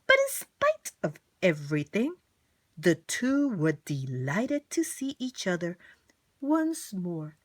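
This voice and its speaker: A woman reading a children's storybook aloud, expressive and animated as she speaks to young listeners. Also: medium pitch, slow pace.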